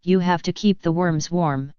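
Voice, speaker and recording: A woman voicing a cheeky young boy who talks slowly in garbled syllables. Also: fairly low pitch, darkish tone, clean tone, dry recording, muffled recording, close to an everyday voice. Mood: mumbling. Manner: slowed, mumbled nonsense syllables.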